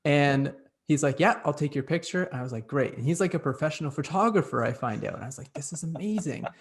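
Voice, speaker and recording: Young male host, gravelly voice, casual and upbeat. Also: on the high side, animated, fast. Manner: chatty, upbeat, lots of "like". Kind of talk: casual chat.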